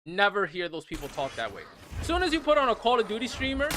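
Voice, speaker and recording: A man's voice: high-pitched, quick pace, noisy background. A man in his thirties ranting incredulously while he plays, repeating himself as he goes. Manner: incredulous, repetitive, animated. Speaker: gaming streamer. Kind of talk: casual rant while playing.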